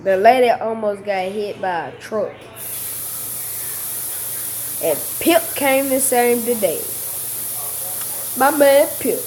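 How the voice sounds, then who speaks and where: A woman's voice: fairly high pitch, expressive, unhurried, a little mellow, a little hiss or hum. A woman co-hosting a reaction video, chatting casually with slangy, playful remarks.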